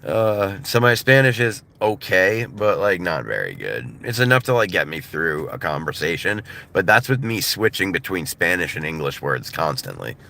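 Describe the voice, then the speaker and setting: Casting: American man, thirties, loose laughing livestream chatter, bright ringing voice. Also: low-pitched, sing-song, normal speed, vocal fry, hardly any pauses. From United States. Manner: loose and laughing, filler-heavy, mimics voices for comedy. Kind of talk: casual rambling chat. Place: in a car.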